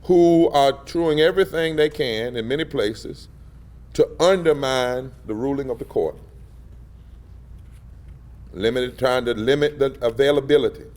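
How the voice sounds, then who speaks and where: A man with a medium-pitched, darkish voice speaks a little slowly, leaving long pauses. Addressing an indoor press gathering as a civil rights leader, he delivers an impassioned public address in a rhythmic, emphatic preacher style that swells on key phrases.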